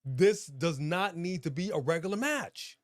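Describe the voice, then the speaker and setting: A man co-hosting a casual wrestling chat show, talking in an emphatic, animated, slangy way. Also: fairly high pitch, a little slow, dry recording, clean studio sound. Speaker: podcast co-host.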